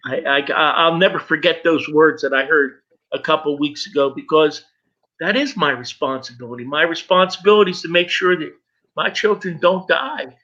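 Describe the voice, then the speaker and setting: A middle-aged man, a guest, telling his personal story with emotion, halting and repeating words as he goes. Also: fairly high pitch, pushed and bright. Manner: halting, stumbles and repeats words when moved. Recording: dull lo-fi recording.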